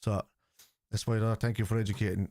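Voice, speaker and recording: A man's voice: lowish voice, level tone, quick pace, a little mellow, no room sound, studio quality. An Irish man in his forties, hosting a football watchalong stream and lecturing his chat in an argumentative way. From Ireland. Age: 40s. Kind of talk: live stream chat reply.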